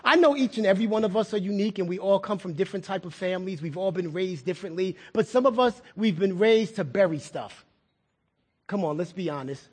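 A man's voice: high voice, brisk, slightly rough. A middle-aged male pastor preaching a sermon in a conversational way, repeating words and asking the congregation questions.

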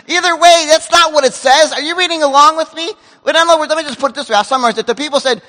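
A man delivers a sermon from the pulpit, his voice pitched very high with a sharp, bright edge. He is animated, acting out dialogue and dropping from loud bursts to hushed asides. The sound rings out with a long reverb from a large hall. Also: fast talker, hardly any pauses. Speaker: pastor. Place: church sanctuary.

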